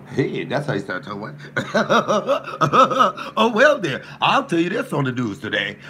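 A man, a comedian, ranting profanely with loud trash talk and mock threats while cooking. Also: mid-range voice, wildly swooping pitch, a little slow, a little hiss or hum. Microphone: camera mic in a home kitchen.

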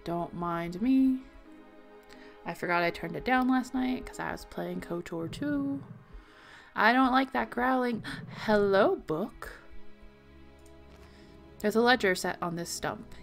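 A woman's voice: mid-range voice, gravelly. A young woman giving let's play commentary, reading game text aloud and reacting with worried exclamations. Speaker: gaming video host.

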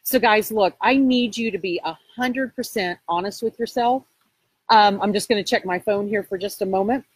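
A woman real estate coach speaking live to her viewers, pushing them with emphatic, repetitive encouragement and a sales pitch. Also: normal speed, husky, no echo, rough recording.

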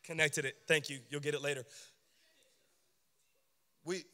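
A young man preaches with a high, bright voice, animated and joking with his listeners. The sound rings with the long echo of a large hall. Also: unhurried. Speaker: youth pastor. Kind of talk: sermon.

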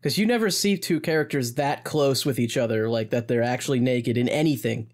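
A man's voice: medium pitch, fairly quick. A man co-hosting a podcast, joking and laughing as he chats about a musical. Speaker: podcast co-host. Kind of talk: casual chat.

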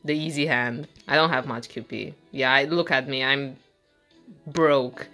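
A woman streamer casually commenting on her game pulls, excitable and swearing freely when surprised. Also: extremely low pitch, measured pace, soft background music. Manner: excitable, swears and shouts in disbelief. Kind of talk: casual commentary while playing. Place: bedroom.

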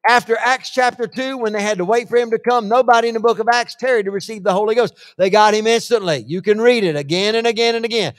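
High-voiced preacher in a reverberant hall. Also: male voice, quick pace, few pauses. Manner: swings from hushed to shouted lists, acts out quoted voices. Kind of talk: sermon. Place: church hall. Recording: long church-hall reverb.

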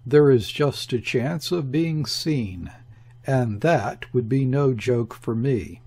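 A man reading the part of a weary, annoyed secret agent with a sombre, husky voice. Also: medium pitch, slow pace, warm tone. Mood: sullen. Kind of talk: audiobook character reading.

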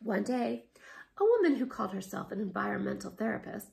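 Gravelly, expressive woman teacher. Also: mid-range voice, brisk. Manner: expressive, animated storytelling with asides. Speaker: art teacher. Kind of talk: reading a picture book aloud, then teaching.

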